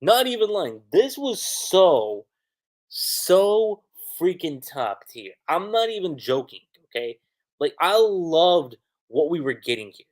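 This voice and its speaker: A man hosting a livestream anime review, recapping the episode in an excitable, slangy way. His pitch jumps around a lot as he talks. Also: takes it slowly.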